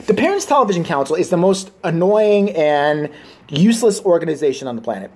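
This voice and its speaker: A man in his thirties doing a profane comedic rant to camera. He is crude and sarcastic, with swearing in nearly every sentence. He jumps quickly between mockery and disbelief. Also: a little high, big pitch swings, a little mellow, husky. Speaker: vlogger.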